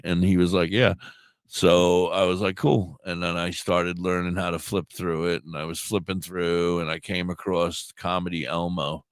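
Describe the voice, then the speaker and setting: Deep-voiced man with a sore throat on a talk radio show, telling a story with swearing and acted-out dialogue. Clear, dry sound. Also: moderate pace, no room sound. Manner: animated, acts out quoted dialogue, swears freely. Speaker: puppeteer and live streamer.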